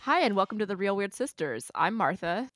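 A woman's voice: mid-range voice, very animated, a little fast, a bit bright, no room sound, clean studio sound, soft background music. A woman co-hosting a podcast in casual chat, talking loosely and laughing often. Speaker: podcast co-host.

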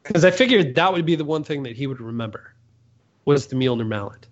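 Man, mid-pitched voice, easygoing, self-deprecating, casual chat, dull lo-fi sound. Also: expressive, brisk. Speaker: podcast co-host. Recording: muffled lo-fi recording.

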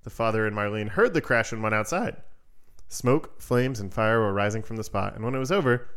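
A man's voice: on the low side, a little fast, a bit bright, smooth. A man hosting a podcast who reads a fairy tale aloud in a casual, playful way and adds joking asides. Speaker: podcast host.

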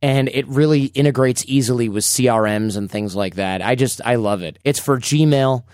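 A man's voice: mid-range voice, moderate pace, smooth, no echo. Chatty male podcast host, dry sound. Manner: chatty, animated storytelling. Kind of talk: casual podcast chat.

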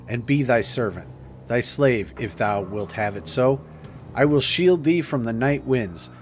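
A man's voice: mid-range voice, a little hiss or hum, natural voice. A man voicing a devoted young woman who pleads with her beloved in tender, old-fashioned speech. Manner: archaic, solemn, tender pleading. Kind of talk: audiobook character reading.

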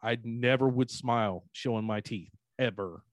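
A man's voice: mid-range voice, moderate pace, dry recording. A man co-hosting a podcast, chatting casually in a laid-back, profane way. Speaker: podcast co-host.

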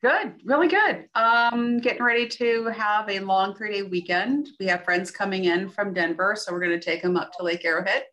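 A woman's voice: medium pitch, normal speed, few pauses, pushed and bright. A woman co-hosting a casual chat podcast, upbeat and chatty. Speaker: podcast co-host.

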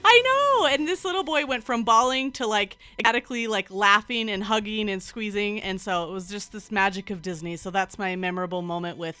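A woman tells a story in a lively, expressive way, with a crisp, bright voice. Faint music sits in the background. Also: mid-range voice, brisk, few pauses. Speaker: podcast panelist. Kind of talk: casual storytelling chat.

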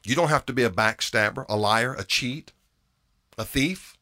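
A man's voice: medium pitch, moderate pace, pushed and bright. A man preaching a sermon in an earnest way, often repeating phrases and restarting his words for emphasis.

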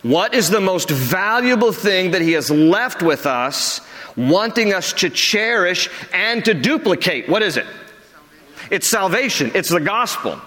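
A man preaching a sermon as pastor, earnest and conversational, dropping low for emphasis. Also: pushed and bright, big-room sound.

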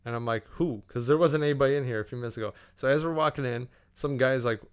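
A man's voice: medium pitch, rapid-fire, clear, resonant tone. A young man casually telling a profane story on a podcast, acting out what everyone said.

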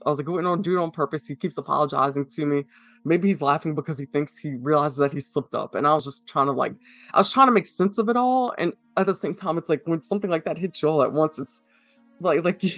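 Halting man, slightly high voice. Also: fairly bright tone, no room sound. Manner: halting, full of fillers and restarts. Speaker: interviewee. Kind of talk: personal account in interview.

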